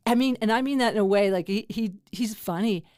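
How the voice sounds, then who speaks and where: Woman podcast host, mid-pitch, rambles and restarts, dry close sound. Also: a little fast, darkish tone, no room sound. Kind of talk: casual conversation.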